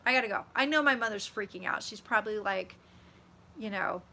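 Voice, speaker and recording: Bright, gushing woman chatting live. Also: medium pitch, a little fast, creaky. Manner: chatty, gushing, swears freely. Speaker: psychic vlogger. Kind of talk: casual live-stream chat. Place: at home.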